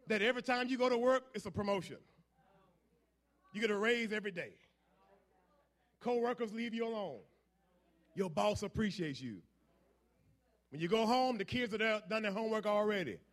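A man preaching a sermon, building from quiet asides to loud call-and-response shouts. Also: high voice, normal speed, long pauses.

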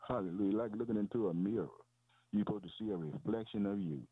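A man with a low voice preaches a sermon. He builds on repetition, asks his own questions and answers them, and throws "boy" and "man" between phrases. The sound is dry and tinny, like a phone line. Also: fast, breathy edge, no echo. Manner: peppers phrases with "boy" and "man", calls out "Hallelujah".

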